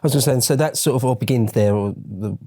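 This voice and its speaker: A man's voice: mid-range voice, fast talker, dark tone. A male host in a casual interview, chatting and asking long, rambling questions with frequent restarts.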